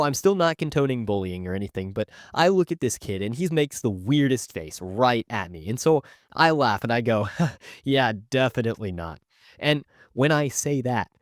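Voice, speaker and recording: A young man narrating a storytime in a chatty, joking way, packed with "like" and quick asides to his viewers. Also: mid-range voice, no echo, studio quality. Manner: chatty, filler-heavy, jokey asides. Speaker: YouTuber telling stories.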